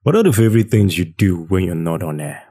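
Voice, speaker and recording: Host guy, dark mellow voice, asks short questions, sounds a bit off-mic. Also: deep voice, sing-song, brisk, husky. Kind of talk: interview questions.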